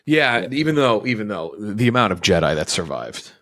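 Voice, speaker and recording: Low-voiced male host, dry sound, loose rambling delivery full of fillers. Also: sing-song, moderate pace, fairly bright tone, no room sound. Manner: rambling, many fillers and restarts; swears casually. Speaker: podcast host. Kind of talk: casual chat.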